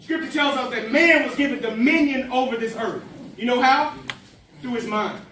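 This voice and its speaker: Man, very high voice, energetic motivational speaker, far off in an echoey hall. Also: moderate pace, slight background noise. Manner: energetic, preachy call-and-response. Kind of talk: motivational speech to students. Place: large hall, in front of students.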